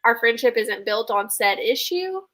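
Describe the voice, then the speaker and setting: Young woman co-host, casual recap chatter, bright and somewhat high voice. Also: animated, poor audio. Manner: chatty, quick, says like a lot.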